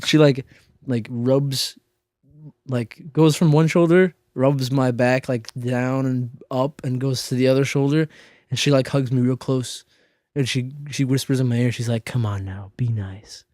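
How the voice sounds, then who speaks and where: A man's voice: medium pitch, flat delivery, a little slow, dark tone, no room sound. A man tells an embarrassing story to a friend in loose, rambling chat. He leans on "like" fillers and restarts his sentences. The mic is close and the sound is dry. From Minnesota. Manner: rambling, lots of "like" fillers, self-interrupting. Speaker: podcast co-host.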